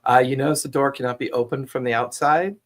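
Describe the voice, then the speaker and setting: A man's voice: mid-range voice, fairly even intonation, quick pace. A man running a tabletop game as game master, describing scenes steadily with the odd filler "uh".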